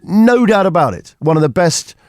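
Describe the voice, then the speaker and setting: Higher-voiced man telling rambling stories. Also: lively intonation, normal speed, darkish tone, no echo. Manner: rambling anecdotal storytelling. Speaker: radio host. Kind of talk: casual radio chat.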